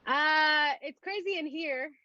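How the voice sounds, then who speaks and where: A woman's voice: sits high, slow pace, bright, forceful tone, dry recording. A woman comedian chatting sarcastically as a guest on a comedy show. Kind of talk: casual comedic chat. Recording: muffled lo-fi dry mic.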